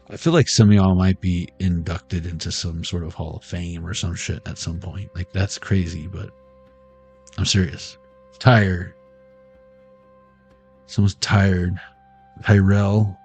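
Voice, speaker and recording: A man's voice: deep voice, slow, long pauses, a little mellow, husky, dry recording, soft background music. A man giving a casual, rambling intuitive tarot reading, free-associating words aloud and laughing often. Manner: rambling, word-associating, laughs often, sings snatches of old songs. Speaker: tarot reader.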